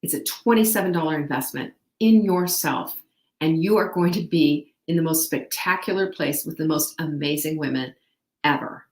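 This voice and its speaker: A woman's voice: sits low, moderate pace, a little mellow, echoey room. A woman hosting a live show, coaching her viewers in an upbeat, direct way. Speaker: host. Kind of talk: motivational live show talk.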